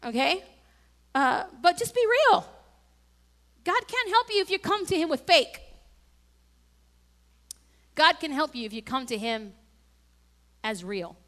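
A middle-aged woman delivers a sermon in a high, bright voice. She talks to the congregation in a relaxed, conversational way and often builds to fervent, emphatic exhortation. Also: slow pace, pauses often. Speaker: preacher.

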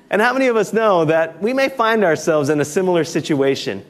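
A man's voice: fairly high pitch, big pitch swings, a little fast, hardly any pauses. A male pastor delivering a sermon in a conversational, storytelling way, with folksy jokes as a dad.

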